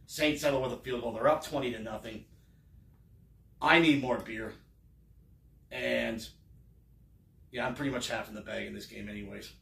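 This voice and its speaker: A man's voice: mid-range voice, fairly even intonation, normal speed, gravelly, pauses often, a bit bright, echoey room, distant mic. A man recapping a football game in a casual, wry and sarcastic way, rambling with fillers. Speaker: sports fan vlogger.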